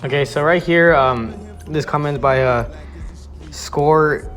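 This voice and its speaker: A man's voice: fairly high pitch, a little slow, a bit bright, faint music behind. A man giving an exasperated ranting commentary on viewer comments, swearing often and restarting his sentences. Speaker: YouTube commentator.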